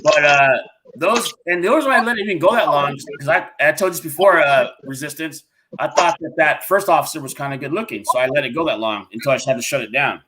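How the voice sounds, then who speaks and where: A man's voice: fairly high pitch, sharp tone, a little hiss or hum. A man guesting on a livestream, chatting casually with jokes and laughter. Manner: joking, laughing, quick asides. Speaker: guest YouTuber.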